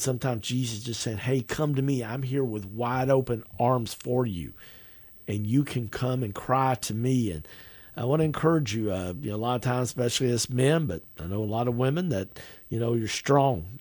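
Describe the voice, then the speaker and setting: A middle-aged man giving a devotional message as a pastor, gentle and conversational, speaking straight to the listener. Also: mid-range voice.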